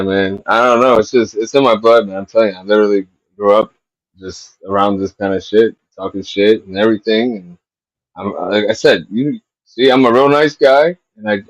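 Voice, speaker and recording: A man's voice: fairly low pitch, dry recording, muffled recording. A man hosting a casual livestream podcast, swearing freely and talking emphatically in long run-on stretches. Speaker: show host.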